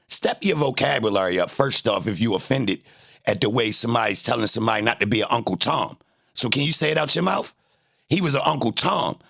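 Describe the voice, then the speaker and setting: Man, livestreamer, gravelly, husky, confrontational, repeats his taunts at chat. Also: mid-range voice, fairly bright tone. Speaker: livestreamer reacting to trial footage. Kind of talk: casual live-stream commentary, arguing with chat.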